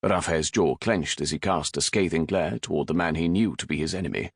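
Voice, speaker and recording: A man narrating a historical romance audiobook in a measured, dramatic reading. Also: low voice, vocal fry, slightly rough, dry recording, clean studio sound. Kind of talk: scripted narration.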